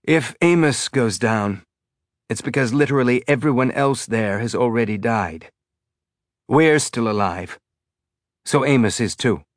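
Man playing a calm, blunt captain. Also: unhurried, no room sound, studio quality, lightly acted. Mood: steady. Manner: low, careful, reassuring.

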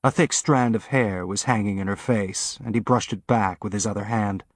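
A man's voice: lowish voice, fairly even intonation, moderate pace, no room sound. Man reading a novel aloud, dry and close. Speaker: audiobook narrator. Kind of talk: scripted narration.

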